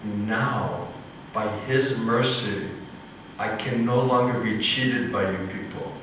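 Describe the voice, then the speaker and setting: A man, a monk, telling a story in an animated, laughing way during an evening class. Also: on the low side, takes it slowly, a little hiss or hum. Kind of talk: storytelling sermon. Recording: echoey hall, mic at a distance.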